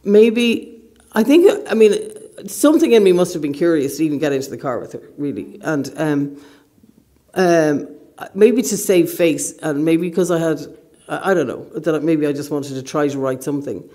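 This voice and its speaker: A woman's voice: sits low, lively intonation, normal speed, dark tone. Woman, middle-aged, southern Irish accent, author, hesitant, self-deprecating, conversational. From Northern Ireland. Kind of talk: conversational interview at a book event.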